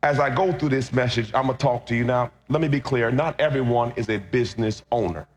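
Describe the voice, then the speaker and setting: A man's voice: medium pitch, brisk. A man preaching a sermon, telling a humorous personal testimony and calling out to the congregation. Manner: humorous storytelling, calls out to the congregation. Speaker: pastor. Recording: roomy church sound with loud music. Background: loud instrumental music.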